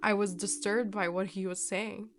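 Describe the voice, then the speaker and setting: A woman's voice: medium pitch, flat delivery, moderate pace, a little hiss or hum. Woman narrating a horror story.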